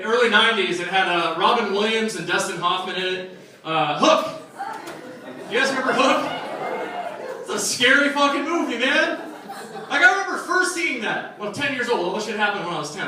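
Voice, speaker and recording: High-voiced man doing profane stand-up in an echoey club. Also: sharp tone. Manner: loose, profane storytelling with audience asides. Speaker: stand-up comic. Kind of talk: stand-up comedy set. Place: comedy club stage. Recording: echoey club sound from a distant mic, crowd laughter. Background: audience laughing.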